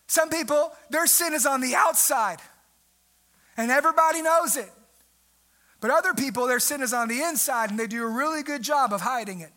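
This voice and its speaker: High, bright-voiced young male preacher. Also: brisk. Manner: animated preaching, jumps pitch and volume for emphasis, mimics people. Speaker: pastor. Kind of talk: sermon.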